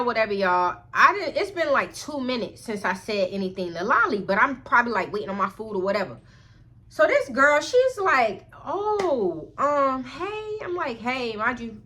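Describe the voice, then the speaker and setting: A young woman vlogger telling a storytime in a chatty, expressive way, often talking straight to her viewers. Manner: chatty, expressive, keeps addressing viewers as y'all; acts out quoted lines in a higher put-on voice. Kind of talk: storytime vlog.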